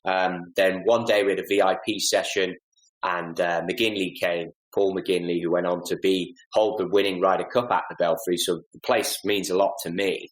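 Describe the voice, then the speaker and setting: A man, a podcast guest telling animated, self-deprecating stories and acting out little asides. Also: sits low, reverberant, poor audio. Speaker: podcast guest, golf club fitter. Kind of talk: casual storytelling interview.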